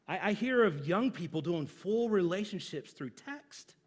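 A man's voice: high-pitched, animated, a little slow. A middle-aged man, a pastor, preaching a sermon in a church with a humorous, conversational storytelling manner.

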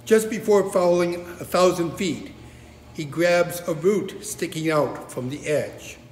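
A man leading prayer and preaching as pastor, measured and solemn, recorded in a church sanctuary. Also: on the high side, a little hiss or hum. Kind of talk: prayer and sermon. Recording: reverberant hall.

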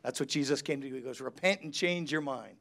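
A man's voice: mid-range voice, fast talker, vocal fry, a bit bright. A middle-aged pastor, preaching a chatty sermon and acting out the people he quotes. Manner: chatty storytelling, acts out quotes.

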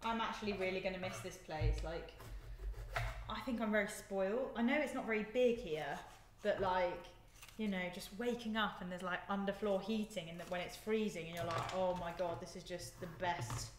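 Moving about her home kitchen, a young woman talks casually to her live-stream viewers while cooking, giggly and chatty throughout. She has a mid-range voice and speaks at a normal pace. The echoey room leaves a faint noise beneath her voice.

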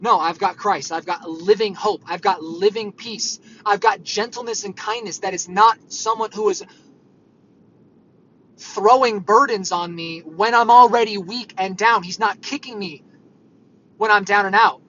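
Earnest man preaching off the cuff, high and bright, muffled lo-fi recording. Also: measured pace, a little hiss or hum. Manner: earnest, conversational, rambling with fillers. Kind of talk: informal sermon. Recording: dull lo-fi audio.

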